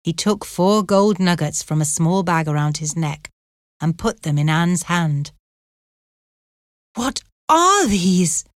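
A woman narrating a storybook in a measured, plain way. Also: deep voice, steady tone, a little mellow, no room sound, clean studio sound.

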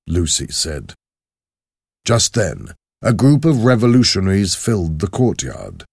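A man narrating a classic story aloud with a measured, expressive reading. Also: low voice, gravelly, slightly rough, dry recording, studio quality.

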